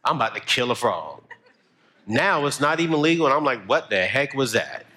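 A young man, preaching a motivational sermon, telling stories and building to shouted emphasis. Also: mid-range voice, very animated, normal speed, background noise.

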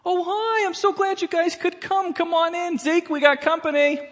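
A man doing a chirpy high-voiced housewife. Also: level tone, normal speed, fairly bright tone, big-room sound. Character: chirpy housewife greeting guests.

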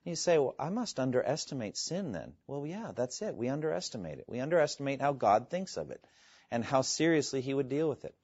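An earnest man preaching a sermon, his pitch rising and falling in lively swings. His speech is emphatic, with quoted scripture and dramatic pauses. The recording is dry and a little dull. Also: dry recording.

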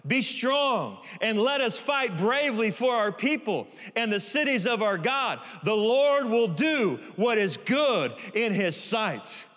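A man's voice: high voice, big pitch swings, slow, hardly any pauses, a bit bright. A man preaching a sermon in a church, emphatic, and he keeps asking the congregation to call the words back. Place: large church hall. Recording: reverberant church hall.

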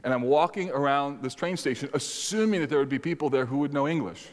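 A man's voice: mid-range voice, fast talker. Middle-aged male pastor preaching, echoing hall. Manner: animated storytelling with sudden loud exclamations. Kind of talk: sermon. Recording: long hall reverb.

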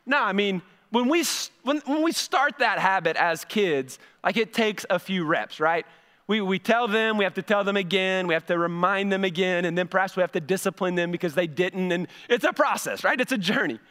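High-voiced pastor preaching in a reverberant hall. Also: male voice, lively intonation, normal speed, a bit bright. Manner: conversational preaching, repeats words when building a point. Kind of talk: sermon. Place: church sanctuary. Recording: long reverb of a church hall.

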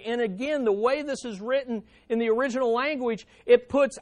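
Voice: medium pitch, normal speed, hardly any pauses, darkish tone, no room sound. A pastor preaching a sermon on a psalm, emphatic, repeating key phrases and calling for amens.

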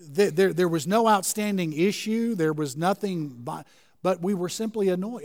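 A man's voice: sits high, darkish tone, big-room sound. A man preaching a sermon as a pastor, earnestly explaining scripture verse by verse.

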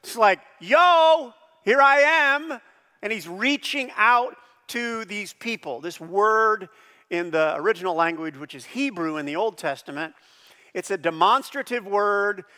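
Middle-aged pastor preaching, bright high voice, gets loud and animated, big echoey church hall. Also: male voice, normal speed. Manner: animated, bursts loud and high on emphasized phrases. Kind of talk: sermon. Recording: long hall reverb.

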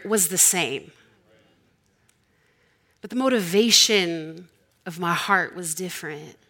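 A woman's voice: fairly low pitch, slow pace, pauses often, bright, forceful tone. A woman in her forties preaching a sermon, telling stories in a conversational, humorous way.

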